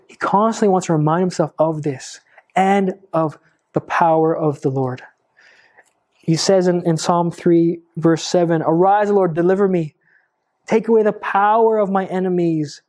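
A woman preaching a sermon, telling stories with lively swoops up in pitch for emphasis. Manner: expressive storytelling, swooping up for emphasis.

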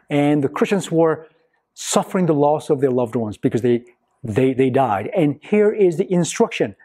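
A man preaching a sermon to his congregation in a church, slow and emphatic, with long pauses between phrases. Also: a little high, dark tone, breathy edge. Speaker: pastor. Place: church sanctuary.

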